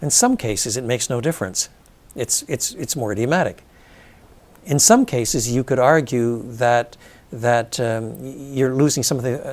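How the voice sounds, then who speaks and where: An older man, raised speaking French and English, giving measured, explanatory interview answers with frequent pauses and restarts. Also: medium pitch, darkish tone. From brought up in French and English. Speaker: interviewed theologian.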